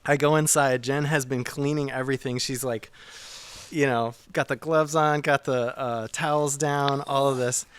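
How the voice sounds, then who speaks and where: A man telling a story as a podcast guest, animated and laughing, swinging from hushed to loud. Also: mid-range voice, normal speed, smooth. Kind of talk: casual storytelling.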